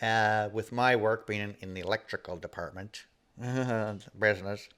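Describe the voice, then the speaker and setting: A man's voice: lowish voice, a little slow, clear, resonant tone. A man, co-hosting a casual podcast and telling stories with quoted voices and frequent laughs. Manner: animated storyteller, acts out quoted voices; laughs often. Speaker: podcast co-host. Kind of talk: casual storytelling chat.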